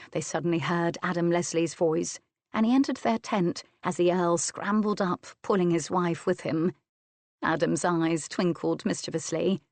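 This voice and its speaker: A woman narrating an audiobook of a romance novel with a slow, sensual, deliberate reading. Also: on the low side, no room sound.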